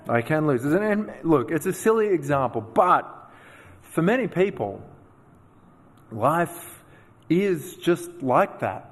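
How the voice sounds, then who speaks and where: A man preaching a sermon, telling personal stories with animated, self-deprecating asides. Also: medium pitch, in a large hall. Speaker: pastor.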